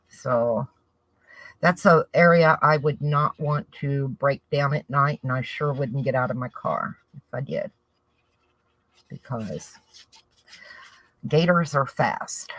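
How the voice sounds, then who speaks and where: A woman with a Southern US accent and a low-pitched voice chats casually to camera, rambling and thinking aloud while working on a craft project. The recording is low quality but has no echo.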